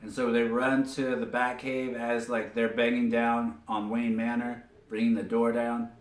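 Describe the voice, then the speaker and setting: A man giving a casual spoken recap of a cartoon episode, telling it as an animated story with lots of filler words. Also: mid-range voice, measured pace. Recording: roomy echo, distant from mic.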